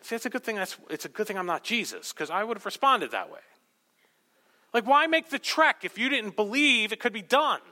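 A male pastor preaches with an impassioned delivery, pressing his points up to emphatic peaks. His fairly high, bright voice cuts through. The sound rings out with the long reverb of a church sanctuary. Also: big pitch swings, a little fast. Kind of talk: sermon. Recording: long reverb of a large hall.

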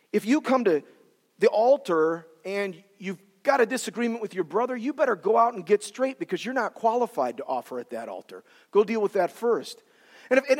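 A man preaches a sermon in a church sanctuary, animated and dramatic, slipping into voices as he acts out quotes. His voice sits high for a man, and every phrase trails off in the long reverb of a large hall.

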